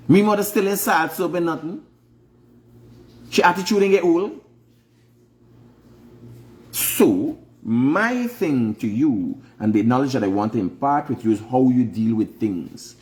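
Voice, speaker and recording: Middle-aged Guyanese host, mid-range voice, preachy monologue with emphatic questions. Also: male voice, medium pitch, lively intonation, measured pace, pauses often. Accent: Guyanese Creole English. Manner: emphatic, lecturing, swings up into loud rhetorical questions. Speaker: online show host. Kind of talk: preachy casual livestream monologue.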